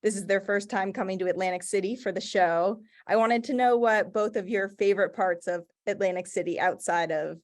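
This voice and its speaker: A woman's voice: mid-range voice, brisk, few pauses. A woman hosts a trade podcast and puts questions to her guests. She keeps things friendly and upbeat. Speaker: podcast host. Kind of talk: interviewing guests.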